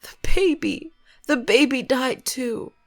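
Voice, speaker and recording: A woman's voice: high voice, slow, soft background music, pitched above the performer's own voice. A woman voicing a terrified teenage girl who is sobbing and pleading in a panic.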